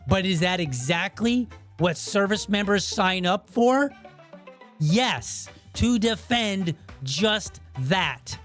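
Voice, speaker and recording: A man's voice: sits high, lively intonation, takes it slowly, fairly bright tone, soft background music. A man hosting his own podcast, delivering a blunt, heated opinion monologue. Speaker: podcast host.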